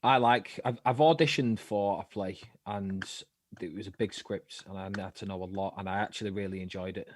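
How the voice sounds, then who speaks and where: A man's voice: low-pitched, fairly even intonation, a little fast, slight background noise. Laid-back joking male guest. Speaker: guest, actor and comedian. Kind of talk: casual chat.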